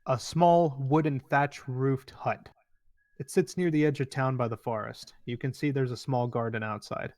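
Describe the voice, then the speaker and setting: A man's voice: mid-range voice, fairly even intonation, moderate pace, a little mellow, no echo. A young man narrating as game master in a loose, rambling way with many fillers.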